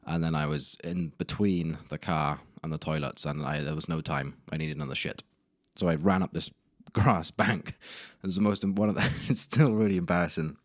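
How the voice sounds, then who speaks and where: Recording solo for his podcast, a young man tells rambling, self-embarrassing stories into a camera mic in a dry, close room. His very deep voice holds a steady tone at a moderate pace with few pauses. Casual swearing and self-deprecating jokes run throughout.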